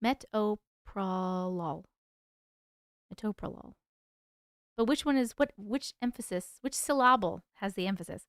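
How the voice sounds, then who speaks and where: High-pitched woman chatting on a livestream, smooth clear voice, dry close mic, laughs a lot. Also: lively intonation, normal speed, a bit bright, no room sound. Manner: chatty, laughs often, stumbles over words. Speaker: livestream host reading viewer stories. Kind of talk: casual livestream chat.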